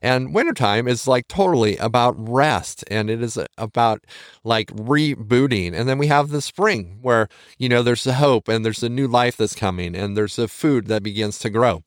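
A man's voice: medium pitch, animated, normal speed, no room sound, studio quality. A man hosting a motivational podcast, talking in an earnest, coaxing way and rambling with many restarts. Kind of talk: encouraging podcast talk.

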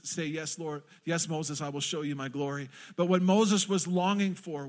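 A man preaching a sermon to a congregation, passionately acting out quoted prayers. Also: a little high. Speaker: pastor. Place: church in front of a congregation.

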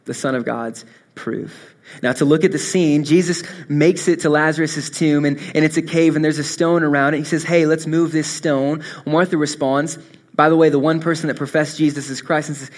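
A young man preaching a sermon, earnest and swinging from soft, intimate moments to impassioned rises. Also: fairly high pitch, steady tone, normal speed. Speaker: pastor.

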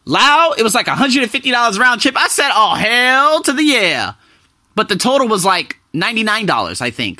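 A young man vlogs to his audience with a bright, clear voice that rides a lively, swooping melody. He sounds close and dry, with no room echo. His chatty delivery jumps from loud bursts to low asides. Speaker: vlogger living abroad. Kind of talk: casual talk to camera.

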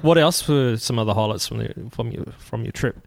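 A man's voice: mid-range voice, a little fast, vocal fry, darkish tone, dry recording. Podcast host guy, asks lots of questions, dry close sound. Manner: curious, asks prompting questions. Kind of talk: casual chat.

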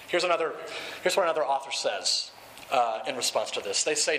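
Middle-aged male pastor, high and forceful, emphatic sermon delivery. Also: slight background noise, poor audio. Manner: emphatic, slows down and drops pitch for key points.

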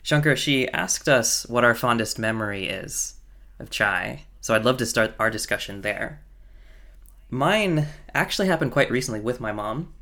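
Male podcast co-host, gravelly, bright tone, upbeat, scripted intro. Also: medium pitch, animated, moderate pace.

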